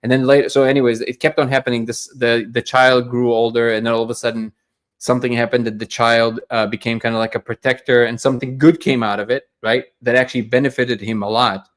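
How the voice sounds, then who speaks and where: A man's voice: mid-range voice, little pitch movement, fast. A man hosting a daily live discussion show, talking in an earnest, reflective way and often repeating words as he gathers his thoughts.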